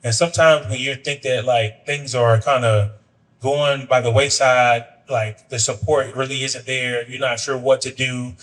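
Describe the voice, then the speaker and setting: Sitting far from the mic with poor audio, a podcast host with a mid-range, fairly bright voice speaks unhurriedly and fairly evenly. He conducts a casual interview loosely, rambling between questions with many fillers.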